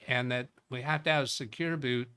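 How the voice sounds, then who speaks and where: A man's voice: medium pitch, steady tone, normal speed, sharp tone, clear, resonant tone. A man hosting a live tech show, reading viewer chat and thinking aloud in a loose, rambling way. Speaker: tech livestream host.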